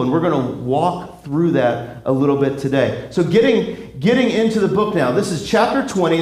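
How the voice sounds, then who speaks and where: A man's voice: high voice, reverberant. A young man preaching a casual, joking sermon as pastor, acting out quotes. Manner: animated, joking, acts out quotes. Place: church sanctuary.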